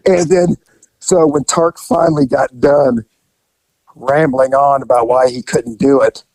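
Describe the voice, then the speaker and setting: A man's voice: mid-range voice, unhurried, no room sound, rough recording. An older man and retired police officer, telling stories in a casual chat and acting out the people in them. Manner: animated storyteller who acts out quotes.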